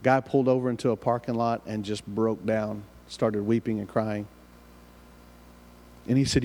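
A man's voice: medium pitch, normal speed, a little mellow. Man preaching in a reverberant hall. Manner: earnest, repeats and restarts phrases while telling a story. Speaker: pastor. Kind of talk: sermon storytelling. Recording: long reverb of a large hall.

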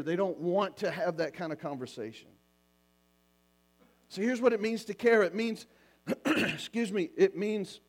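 High-voiced pastor preaching with animated scenes. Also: male voice. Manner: animated, acts out little scenes. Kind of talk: sermon on marriage. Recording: mains hum.

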